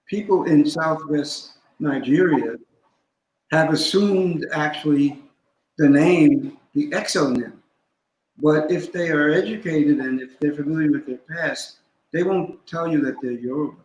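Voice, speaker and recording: A man speaking as a guest scholar, explaining in a deliberate, instructive way and stopping to spell out terms. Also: on the high side, roomy sound, slight background noise, rough recording. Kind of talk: teaching in a conversation.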